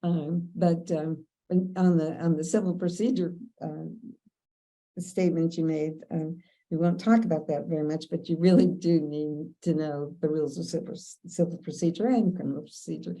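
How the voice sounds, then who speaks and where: A woman's voice: sits low, fairly even intonation, normal speed, warm tone, poor audio. An older woman lawyer from Kentucky telling courtroom stories in a chatty way, laughing often and using many fillers. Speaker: veteran lawyer. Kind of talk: storytelling interview.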